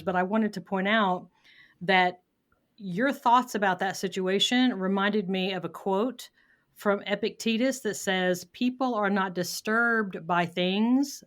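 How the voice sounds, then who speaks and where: A woman hosts an interview podcast, speaking in a reflective, measured way with thoughtful pauses. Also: medium pitch. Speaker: podcast host. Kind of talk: conversational interview.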